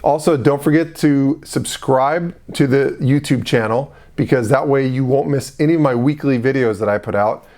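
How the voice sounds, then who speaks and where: Chatty man explaining business software. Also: mid-range voice, moderate pace, hardly any pauses. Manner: conversational, asks the viewer questions, fillers like "you know". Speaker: host of a business advice channel. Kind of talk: casual direct-to-camera explainer.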